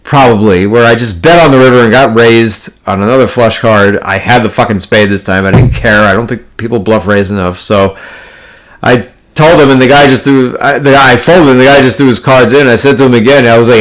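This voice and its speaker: A man's voice: medium pitch, brisk, fairly bright tone. A man telling a poker story in a casual, blunt, profanity-heavy monologue, full of card jargon and rambling restarts. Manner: profane, blunt, exasperated ranting. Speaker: poker player vlogger.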